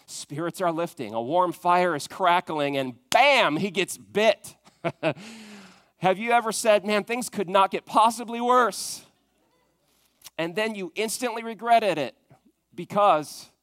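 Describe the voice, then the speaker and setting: High-voiced preacher with dry close sound. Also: male voice, dry recording. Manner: dynamic preaching, rising to loud emphatic peaks and dropping to hushed tones; talks straight to the congregation with questions. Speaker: pastor. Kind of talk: sermon.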